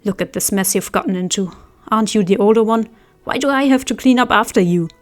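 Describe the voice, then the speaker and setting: A woman's voice: mid-range voice, brisk, faint music behind, lightly acted. A proud, prickly young noble speaks up firmly and then huffs with impatience, as a woman reading an audiobook puts him on. His tone stays clipped and commanding. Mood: exasperated. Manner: firm, impatient, huffy. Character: proud, prickly young man, the little phoenix.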